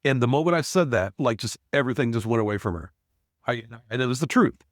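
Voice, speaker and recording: A man in his forties tells a story at a medium pitch, circling back with fillers and false starts. His voice sounds dry and close, with no room behind it. He talks like a business owner chatting on a podcast. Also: lively intonation, fast, no echo. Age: 40s. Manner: rambling, frequent restarts and fillers. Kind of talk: casual storytelling.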